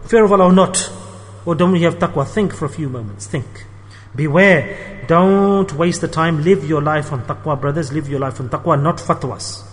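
A man's voice: a little high, moderate pace. A man delivering an emphatic sermon, repeating phrases for stress. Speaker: preacher. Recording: long hall reverb.

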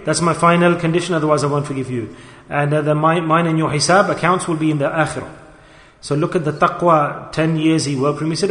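Echoey hall reverb surrounds a male preacher telling a moral story in a sermon. His voice is a little high and a bit bright, and he fires off urgent, repeated questions in rapid bursts, repeating phrases.

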